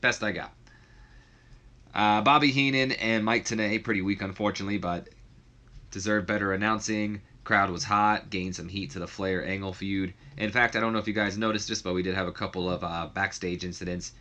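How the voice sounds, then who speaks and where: Low-voiced guy rambling casually over a game, acting out lines here and there. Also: fairly even intonation, fairly quick, sharp tone. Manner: rambling, loose, acts out the characters' lines. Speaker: video creator.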